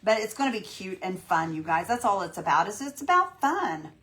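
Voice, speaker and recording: A woman's voice: mid-range voice, very animated, a little fast, fairly bright tone. A woman hosting a live painting demo, chatting in a folksy, encouraging way with her viewers. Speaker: craft tutorial host.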